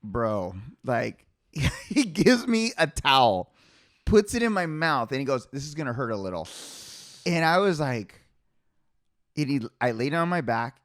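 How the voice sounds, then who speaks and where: A young man hosting a podcast, telling a story in a loose, animated way, laughing often and leaning on filler words. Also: fairly high pitch, measured pace, no echo, clean studio sound. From Hispanic family background. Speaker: podcast host. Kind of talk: casual storytelling chat.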